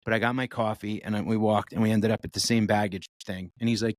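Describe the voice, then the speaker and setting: A man co-hosting a podcast, telling an animated story with lively swearing and acted-out voices. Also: lowish voice, quick pace. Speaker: podcast co-host. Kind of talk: casual chat.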